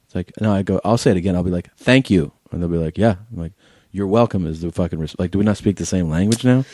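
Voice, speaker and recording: A man's voice: low voice, rapid-fire, dark tone, no room sound. A man co-hosting a podcast, chatting casually and ranting in an exasperated, profane way. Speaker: podcast co-host.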